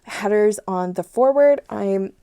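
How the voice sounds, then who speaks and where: A woman hosting a casual pen unboxing and review, gushing and excitable as she fangirls over a new pen. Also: mid-range voice, unhurried, clean tone. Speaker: stationery channel host.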